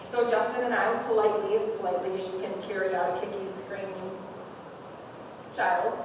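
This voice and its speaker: Here a woman in her forties offers a moving personal testimony at church, laughing as she cries. She talks briskly in a medium pitch with a flat delivery. The sound is echoey and noisy, picked up from a distance in the sanctuary.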